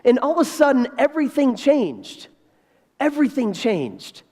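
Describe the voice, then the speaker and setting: A man of about fifty giving a keynote speech as an animated storyteller who repeats key phrases for emphasis. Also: extremely high pitch, moderate pace. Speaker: keynote speaker. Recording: reverberant hall.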